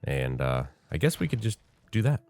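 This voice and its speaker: Very deep-voiced, congested male game host. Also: big pitch swings, normal speed, creaky, darkish tone, faint music behind. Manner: rambling, chatty, thinks aloud with many fillers. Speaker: gaming channel host. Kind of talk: casual gameplay commentary.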